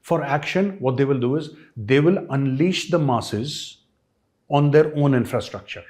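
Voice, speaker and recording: A man's voice: mid-range voice, measured pace, a little mellow. A man with an Indian English accent giving an emphatic, sarcastic political commentary as a host, full of rhetorical questions. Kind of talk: opinion commentary.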